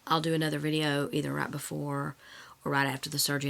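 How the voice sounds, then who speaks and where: A woman's voice: low voice, flat delivery, fast, gravelly, fairly bright tone. Rambling woman vlogging candidly, slight cough. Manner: rambling, self-correcting, candid. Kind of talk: casual personal vlog.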